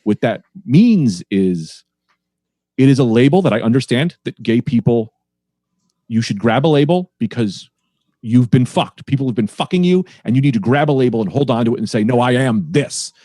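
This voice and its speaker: A man's voice: medium pitch, expressive, normal speed, mellow, dry recording, clean studio sound. A man, a stand-up comedian, talking casually on a podcast and playing with sing-song inflections.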